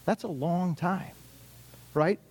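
A middle-aged man delivers a sermon in a relaxed, conversational tone. His voice sits a little high for a man. He leans on rhetorical questions and repetition to drive his points home. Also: slow, husky. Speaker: pastor.

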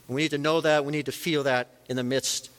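A man's voice: fairly high pitch, steady tone, brisk, a bit bright, clean tone. Earnest male pastor preaching in a hall. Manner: earnest, rising and falling for emphasis. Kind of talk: sermon. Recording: long reverb of a large hall.

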